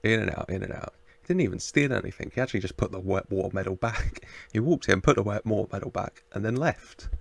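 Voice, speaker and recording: Male reaction host, low gravelly voice, chatty, laughs a lot. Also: fast, hardly any pauses, no room sound. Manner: chatty, laughs often, mutters asides to the screen. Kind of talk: casual reaction commentary.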